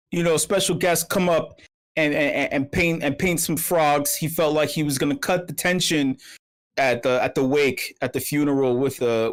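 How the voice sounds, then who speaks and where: A man hosting an online meetup, rambling through profane comic rants full of restarts and repeated words. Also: fairly high pitch. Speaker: meetup host. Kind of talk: casual livestream chat.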